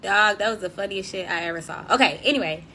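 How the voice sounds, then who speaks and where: A woman's voice: medium pitch, fast, slight background noise. A young woman hosting a casual livestream, talking slangy and upbeat to viewers and reading their comments. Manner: lively, slangy, laughs often, addresses viewers directly. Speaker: host. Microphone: desk mic.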